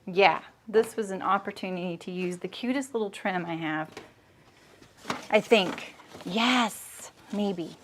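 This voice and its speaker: A woman's voice: mid-range voice, takes it slowly, a little hiss or hum. A woman hosting a sewing livestream, chatting casually and thinking aloud as she works, with frequent laughs. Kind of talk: casual chat while sewing.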